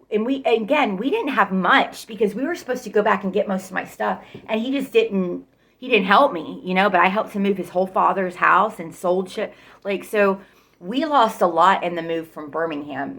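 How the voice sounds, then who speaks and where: Gravelly, low-voiced woman telling her story. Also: a bit bright. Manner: blunt, rambling, swears freely. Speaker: storyteller recounting her own life. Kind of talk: casual personal storytelling.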